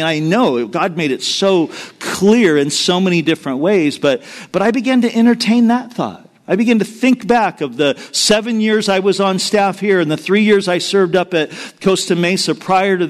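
Animated, higher-voiced male pastor preaching. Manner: earnest storytelling, shifting from hushed to emphatic. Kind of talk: sermon.

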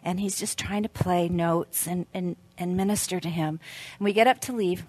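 A middle-aged woman giving a sermon at a women's event, telling stories and moving into quiet prayer. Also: lowish voice, steady tone, normal speed, no room sound. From United States. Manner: earnest, storytelling, dropping to a soft hush in prayer. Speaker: speaker at a women's Christmas event. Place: event venue.

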